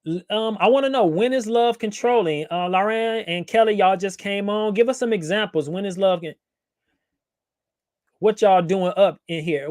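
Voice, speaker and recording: A man's voice: high-pitched, fairly quick, dry recording, studio quality. Playful man hosting a livestream. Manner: playful, reads viewer comments aloud, laughs often. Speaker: livestream host. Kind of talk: casual livestream chat.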